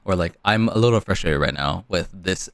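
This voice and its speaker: A young man co-hosting a podcast in casual chat, animated and swearing freely. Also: sits low, brisk, no room sound, studio quality. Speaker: podcast co-host.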